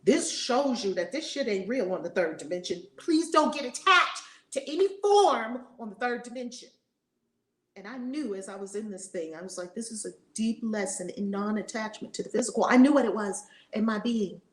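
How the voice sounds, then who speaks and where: A woman's voice: a little high, lively intonation, moderate pace. Emphatic middle-aged woman teacher, echoey room. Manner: emphatic, repetitive, swings between loud and hushed; casual, swears freely. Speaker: spiritual teacher. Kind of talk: impassioned spiritual talk.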